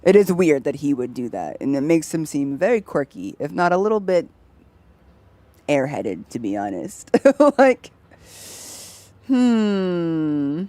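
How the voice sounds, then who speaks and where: A woman's voice: deep voice, a little mellow, dry recording. A young woman streaming a game, chatting casually and laughing often as she explains things. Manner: chatty, laughs often, mimics voices in anecdotes. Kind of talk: casual gameplay chat.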